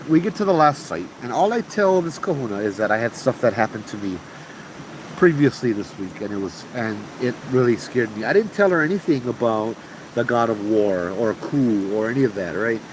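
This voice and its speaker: A man with a Hawaiian Pidgin accent tells a ghost story to a gathered group, talking in a loose, animated, slangy way. His voice sits at an ordinary middle pitch for a man. A steady hum of background noise runs under the recording. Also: fairly quick. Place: outdoors at a campsite with a group.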